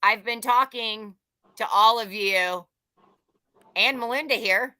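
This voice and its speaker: A woman's voice: fairly high pitch, slow, pushed and bright, no room sound. A woman hosting a livestream, chatting casually, joking and greeting viewers by name. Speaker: livestream host. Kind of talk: casual live-chat greetings.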